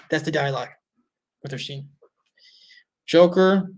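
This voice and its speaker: A man with a slightly higher voice than most reviews a movie in a loose, off-the-cuff way. He is blunt and exasperated and swears freely as he picks the film apart. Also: moderate pace. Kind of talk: casual ranting film review.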